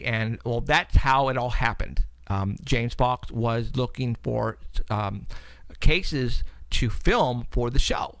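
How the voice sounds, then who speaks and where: A man hosting a paranormal talk show, telling stories in a casual, animated way and acting out the people he quotes. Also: mid-range voice, a little slow, gravelly, no echo. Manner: animated storyteller, acts out phone calls with quoted voices. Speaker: paranormal investigator and show host. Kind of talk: casual chat.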